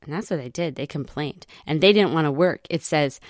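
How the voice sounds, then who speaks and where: A woman retelling scripture stories for children in an animated way, often asking her listeners questions. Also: low voice, fairly quick, few pauses, no room sound, studio quality. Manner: lively, asks listeners questions.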